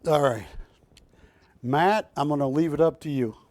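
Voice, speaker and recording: A man's voice: a little high, a little slow, darkish tone, no room sound. Chatty jokey shopping channel host man. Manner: chatty, jokey, rambling asides to crew. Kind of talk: live TV sales pitch. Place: TV studio.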